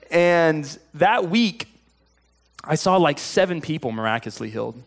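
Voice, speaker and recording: A man preaching a sermon in a conversational storytelling way, getting animated at exciting moments. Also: high-pitched, brisk. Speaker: pastor.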